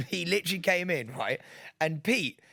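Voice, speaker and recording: Man, fairly high voice, podcast co-host, casual chat, laughs a lot, dry close mic. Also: moderate pace, creaky, dry recording. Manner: laughs often while telling animated anecdotes.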